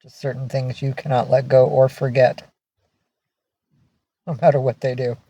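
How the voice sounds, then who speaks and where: A woman's voice: extremely low pitch, little pitch movement, moderate pace, mellow, breathy edge, dry recording, muffled recording. Chatty woman hosting a livestream. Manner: chatty, greets and thanks viewers by name, baby talk to pets. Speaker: livestream host. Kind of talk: casual livestream chat.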